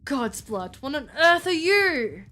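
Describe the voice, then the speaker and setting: A woman's voice: sits high, very animated, slow, sharp tone, pitched above the performer's own voice, full character voice. Woman doing a sneering English vampire. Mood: scornful. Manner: put-on English accent, haughty and scornful. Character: grumpy male vampire patient, old-world gentleman.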